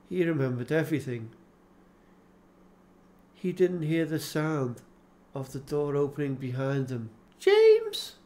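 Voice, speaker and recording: Slow, measured male audiobook narrator. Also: medium pitch, a little mellow. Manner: slow, measured, solemn reading.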